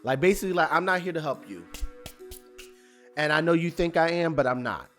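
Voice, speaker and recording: A man's voice: fairly high pitch, lively intonation, brisk, a bit bright, soft background music. A man casually recapping a TV episode, retelling scenes in a loose, chatty way and voicing characters' lines as he goes. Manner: loose, chatty retelling with fillers and acted-out quotes. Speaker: TV recap reviewer.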